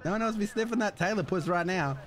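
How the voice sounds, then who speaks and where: Excitable man streaming a football game. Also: high-pitched, quick pace, noisy background. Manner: loud, excitable trash talk. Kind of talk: casual game commentary.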